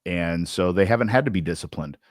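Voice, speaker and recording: A man with a Southern Indiana accent and a very low voice co-hosts a sales podcast. He talks loosely and with energy, full of slang and restarts. The sound is dry and close. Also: a little fast, no echo. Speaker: podcast co-host. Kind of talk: casual sales podcast chat.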